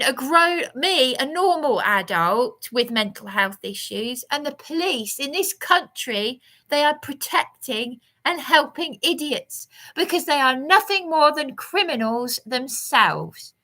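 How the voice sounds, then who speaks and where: A woman's voice: high-pitched, bright, forceful tone. A woman giving a rambling, aggrieved vlog monologue with emphatic outbursts. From England. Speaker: vlogger.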